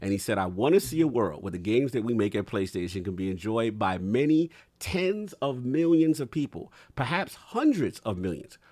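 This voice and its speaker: A man's voice: mid-range voice, sing-song, moderate pace, few pauses, darkish tone. A man in casual podcast discussion who laughs often and reads quotes aloud. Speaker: podcast co-host.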